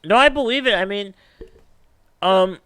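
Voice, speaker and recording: Man, podcast host, smooth resonant voice, dry close mic, animated storyteller. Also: high-pitched, unhurried, no room sound. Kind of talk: casual podcast chat.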